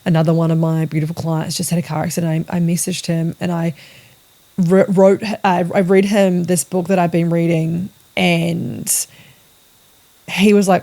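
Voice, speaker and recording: A woman in her thirties, a business coach and mother, delivers a casual, animated, sweary podcast monologue, repeating words for emphasis. Her voice is on the low side and her speed is normal.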